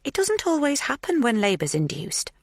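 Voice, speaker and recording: A woman's voice: fairly high pitch, huge pitch swings, moderate pace, dry recording, clean studio sound, voice pushed up. A woman voicing an unsettling older woman who plays the midwife, soothing in a sing-song, menacing way. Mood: falsely soothing.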